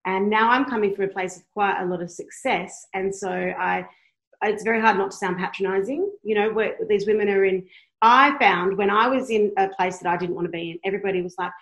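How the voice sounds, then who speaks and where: A woman's voice: medium pitch, quick pace, fairly bright tone, reverberant, poor audio. A woman in her thirties, a blogger guest talking candidly in a podcast conversation, passionate and blunt, swearing freely. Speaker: guest, blogger who tours.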